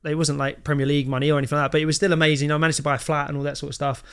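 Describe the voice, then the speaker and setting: A man, a podcast guest telling stories in a chatty, animated way, full of fillers. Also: a little high, rapid-fire, clean tone. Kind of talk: casual storytelling chat. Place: indoor podcast studio.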